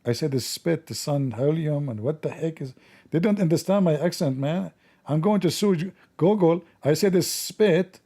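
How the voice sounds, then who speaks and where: Sarcastic male host, fairly high voice, mellow tone, broken English, scornful commentary. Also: animated, normal speed. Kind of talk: mocking commentary.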